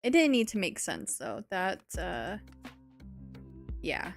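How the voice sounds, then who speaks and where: A woman's voice: mid-range voice, sing-song, slow, vocal fry, faint music behind. A woman live-streaming a game, chatting casually in a giggly, playful, self-mocking way.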